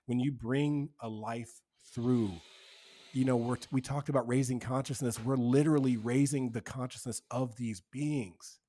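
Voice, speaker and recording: A man who is a podcast guest, speaking earnestly in relaxed, slangy casual conversation. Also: mid-range voice, unhurried. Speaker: podcast guest, men's community co-founder.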